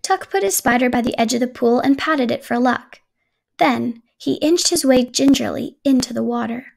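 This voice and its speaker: A woman reads a children's picture book aloud, gentle and even in her telling. Her voice sits a little high with a steady gravelly fry. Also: normal speed. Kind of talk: storybook read-aloud.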